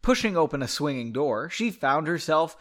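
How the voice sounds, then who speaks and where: A man's voice: on the high side, sing-song, moderate pace, a bit bright. A man reading his own story aloud, breaking off for joking asides and self-corrections. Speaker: reader of his own book.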